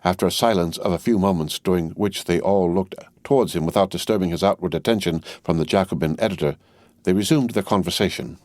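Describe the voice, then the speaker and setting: A man narrating a classic novel in a measured, even reading. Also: low voice, dry recording, studio quality. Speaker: audiobook narrator. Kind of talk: scripted narration.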